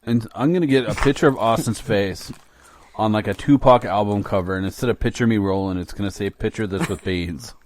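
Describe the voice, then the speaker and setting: Speaking a bit fast in a lowish voice, with a little hiss or hum in the audio, a middle-aged dad co-hosts a relaxed snack-tasting chat with his son. He jokes around and reads the packaging aloud like a mock announcer.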